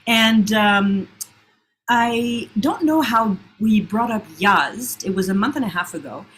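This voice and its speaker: A woman presenting a story on a video call, speaking as an enthusiastic, warm storyteller. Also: medium pitch, animated, slow. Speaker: guest presenter and author.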